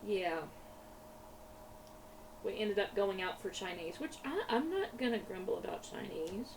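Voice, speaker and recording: A woman's voice: medium pitch, sing-song, a little slow. Chatty woman, slightly distant mic. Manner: rambling, chatty, laughs often, repeats words. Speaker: craft vlogger. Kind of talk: casual chat while crafting. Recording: slightly distant mic with faint room noise.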